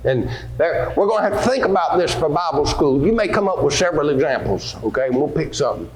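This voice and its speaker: A man's voice: fairly high pitch, animated, fast, faint music behind. A man teaching a Bible lesson to children, asking them questions and acting out scripture scenes. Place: church hall. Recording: echoey room with faint ambience.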